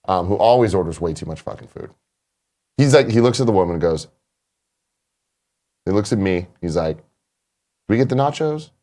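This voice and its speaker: Animated swearing male show host. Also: fairly low pitch. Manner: animated storyteller, swears freely. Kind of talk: casual chat.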